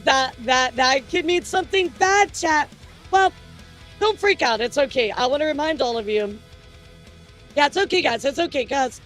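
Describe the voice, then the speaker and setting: A woman hosts a casual streamer news show, chatting straight to her audience. Her voice sits high, and she rambles, jokes and trips over her words with plenty of fillers. Faint music plays underneath. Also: animated, normal speed, a bit bright. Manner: rambling, jokey, lots of fillers and restarts. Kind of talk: casual news commentary to chat.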